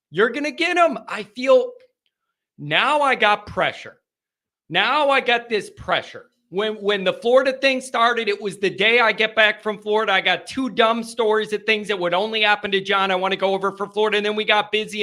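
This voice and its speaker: A man hosting a live late-night call-in sports show, rowdy and animated, chatting with his viewers. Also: sits high. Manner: rowdy, animated, talks to the chat.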